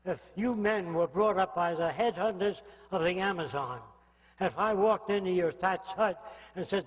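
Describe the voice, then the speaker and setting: A man's voice: high voice, normal speed. Blunt older man lecturing in an echoey hall. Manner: blunt, provocative lecturing with rhetorical questions. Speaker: public lecturer. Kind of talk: public lecture.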